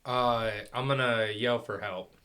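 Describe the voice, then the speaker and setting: A man's voice: medium pitch, steady tone, unhurried, bright, forceful tone, clean tone. A man playing a tabletop game, stating his character's actions in a plain, matter-of-fact way. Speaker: player. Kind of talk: casual tabletop play.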